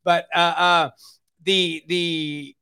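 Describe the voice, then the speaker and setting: A man's voice: a little high, flat delivery, drawn-out words, pushed and bright, smooth, no echo, studio quality. A middle-aged man telling a personal recovery story in a casual, confiding way. He often repeats words and keeps saying "man.". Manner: earnest, confiding.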